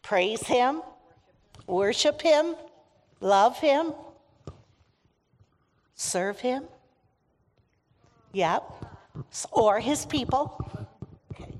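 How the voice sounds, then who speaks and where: A woman's voice: fairly high pitch, lively intonation, drawn-out words, long pauses. Upbeat woman leading children in church. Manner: upbeat, asks children questions, call-and-response. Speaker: children's ministry leader. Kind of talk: children's message in a church service. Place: church sanctuary. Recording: long reverb of a church sanctuary.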